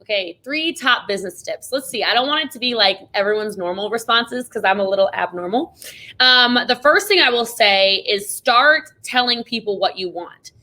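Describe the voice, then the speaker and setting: A woman hosting a podcast, giving emphatic, fast-moving motivational business talk and acting out the voices she quotes. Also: on the high side, expressive, sharp tone. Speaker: podcast host.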